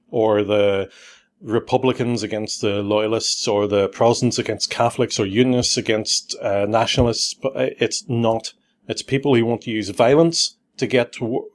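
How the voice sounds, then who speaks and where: Wry Northern Irish podcast host. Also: male voice, fairly low pitch. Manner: wry, jokey, then earnest. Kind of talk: casual chat, comic synopsis.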